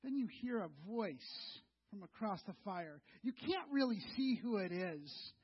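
A man's voice: high-pitched, expressive, unhurried, breathy edge. A middle-aged male pastor preaching a sermon, telling a story in a conversational way and speaking to the listeners as "you". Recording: dull lo-fi sound.

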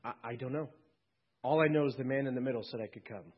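A man's voice: mid-range voice, quick pace, slightly rough, lo-fi sound, close to an everyday voice. A pastor acting out a bewildered male thief arriving in heaven, stammering and hesitant.

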